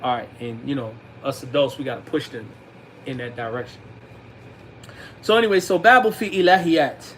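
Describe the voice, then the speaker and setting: A man teaching a religious class to young students in a relaxed, slangy way, mixing recited Arabic phrases into his English explanations. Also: mid-range voice, normal speed, long pauses, a little hiss or hum, low-quality recording. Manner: colloquial, slangy, addresses youths directly.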